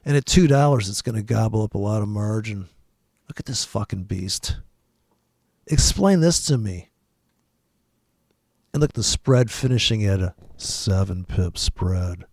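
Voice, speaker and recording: A man's voice: on the low side, animated, unhurried, vocal fry, pauses often, darkish tone, dry recording. A man giving a rambling, profane forex market commentary, swearing often and laughing at his own jokes. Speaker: forex trader giving weekly forecast.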